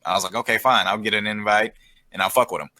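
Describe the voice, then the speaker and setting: A man with a low, bright voice tells a rambling story over voice chat. He swears freely and keeps restarting his sentences, circling back before he gets to the point. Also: steady tone, fast, low-quality recording. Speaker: guest. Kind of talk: casual chat.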